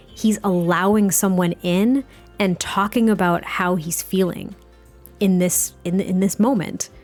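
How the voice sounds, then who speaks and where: Gushing woman game commentator. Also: mid-range voice. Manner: animated, gushing, laughs often. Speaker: let's play host. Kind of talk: life-sim game commentary.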